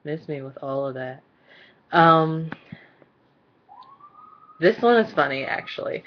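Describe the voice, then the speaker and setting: A woman vlogger ranting in a casual, blunt and exasperated way, her voice mostly monotone. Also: sits low, measured pace, pauses often, slight background noise. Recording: dull lo-fi recording.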